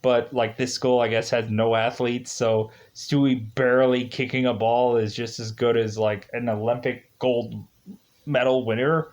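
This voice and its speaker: A man giving casual, rambling commentary on a mobile game he's playing, chatty and quick to laugh. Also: mid-range voice, little pitch movement, darkish tone. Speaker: gaming video host. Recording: dull lo-fi recording.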